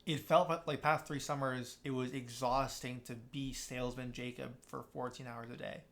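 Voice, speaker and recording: A man's voice: mid-range voice, level tone, moderate pace, a bit bright. A young man, a podcast guest, telling a long story in casual chat, with many restarts, and acting out what other people said. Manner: rambling, many restarts, acts out quoted people.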